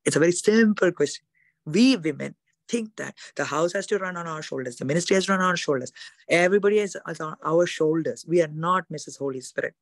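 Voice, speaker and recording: A woman preaching a fast, emphatic sermon at a women's conference. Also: low-pitched, no room sound, clean studio sound. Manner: fast, emphatic, acts out quoted voices.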